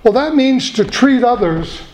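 A middle-aged man preaching a sermon in a folksy way, slowing down to repeat key points. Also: extremely high pitch, lively intonation, a little mellow. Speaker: pastor. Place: church. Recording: echoey church room.

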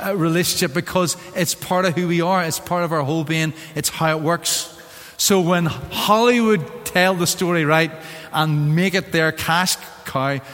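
A man with a Northern Irish accent preaching a sermon as pastor, in an animated, theatrical way. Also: on the high side. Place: church sanctuary. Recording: long church hall reverb.

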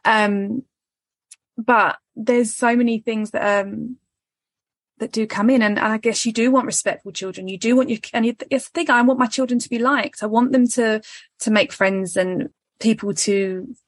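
A woman's voice: on the high side, fairly even intonation, normal speed, no room sound. A woman, hosting a casual podcast chat, candid and swearing freely as she acts out what others say. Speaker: podcast host.

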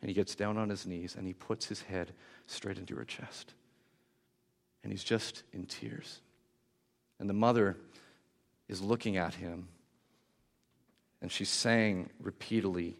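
A man preaching a sermon, telling a moving story with warmth and hushed, emotional moments. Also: low voice, steady tone, unhurried, creaky, pauses often.

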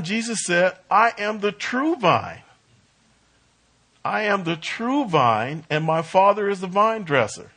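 A man teaching a Bible study, talking in a halting way with restarts and leaning hard on key words. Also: high voice, a bit bright.

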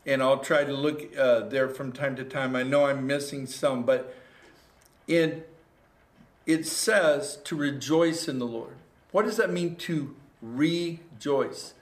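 Speaking slowly in a medium-pitched voice, a male pastor preaches a sermon that's streamed live from a church room with echoey acoustics. He's earnest, goes back over the same phrases, and climbs toward exhortation.

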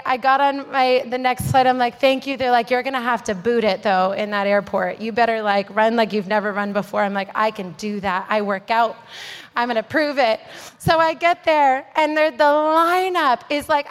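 A woman from Canada delivers a sermon full of personal storytelling. Her voice sits high, and the sound rings out with long reverb through a large hall. She talks in an animated, self-deprecating way, playing out the dialogue as she goes. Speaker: preacher.

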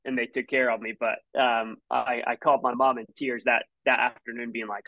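A man's voice: medium pitch, little pitch movement, a little fast, dry recording, narrow, tinny audio. A Scottish man in his thirties, a former college runner, telling stories casually in an interview, with many restarts and fillers. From Scotland.

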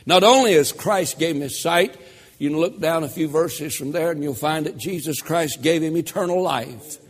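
A man preaching a sermon as pastor, slow and emphatic with dramatic pauses and rising emphasis. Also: a little high. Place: church sanctuary. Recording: echoey church hall.

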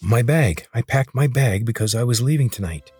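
A wary young girl with a lightly raised, husky voice, as a man reading a storybook aloud puts her on. She speaks in nervous, clipped questions, recorded dry. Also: medium pitch, lively intonation, normal speed, a little mellow, dry recording. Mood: anxious.

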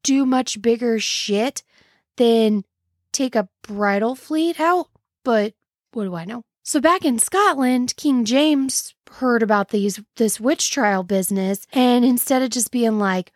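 A woman's voice: fairly high pitch, slow, no echo, studio quality. A woman hosting a casual history podcast, telling the story with wry, sarcastic asides. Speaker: podcast host.

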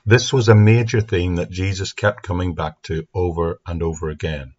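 A man giving an earnest, steady Bible teaching talk into a microphone for an online audience. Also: low voice, normal speed, husky. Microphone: speaking into a mic. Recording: dull lo-fi sound.

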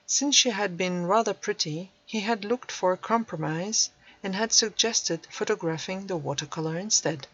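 A woman narrating a storybook in a measured, even way. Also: mid-range voice. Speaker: audiobook narrator. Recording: dull dry recording.

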